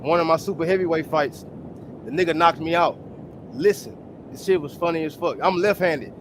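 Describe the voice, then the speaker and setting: High-voiced man from the Houston area. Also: moderate pace, a little hiss or hum. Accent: Texan, Houston area. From Texas. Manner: animated, acts out voices in stories, profane. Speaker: amateur boxer, panel guest. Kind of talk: casual panel chat, storytelling.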